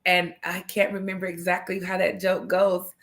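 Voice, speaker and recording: A woman's voice: on the low side, flat delivery, normal speed. Woman, livestream host, casual chat, chatty, laughs a lot. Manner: chatty, laughs often, greets viewers by name.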